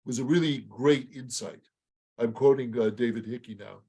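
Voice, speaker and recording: Male lecturer, congested and raspy, reading a measured talk. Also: medium pitch, darkish tone. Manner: measured, reads quotations aloud. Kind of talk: prepared public lecture.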